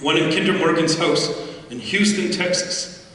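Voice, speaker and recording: A man's voice: a little high, normal speed, fairly bright tone. A middle-aged man giving a storytelling speech to an audience, humorous and anecdotal, retelling conversations as dialogue. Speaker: speaker at a community assembly. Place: large hall. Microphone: far room microphone. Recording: echoey hall from far off, faint crowd and noise.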